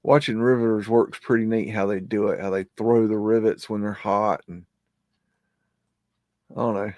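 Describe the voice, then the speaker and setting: A man's voice: lowish voice, steady tone, moderate pace, darkish tone, no room sound. A man hosting a live stream, rambling casually as he comments on old photos and scolds his dog in between.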